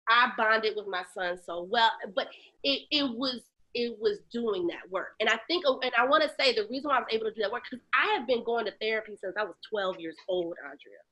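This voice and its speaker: Bright-voiced woman telling her story. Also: brisk. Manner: animated, acts out voices of others, shifts to low quiet tones on painful memories. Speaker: guest, lactation educator. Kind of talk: candid personal storytelling in an interview.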